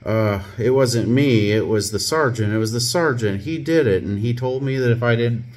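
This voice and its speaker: A man's voice: mid-range voice, moderate pace, darkish tone, lightly acted. A man voicing a frightened female officer who pleads her innocence. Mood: pleading. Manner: pleading, anxious.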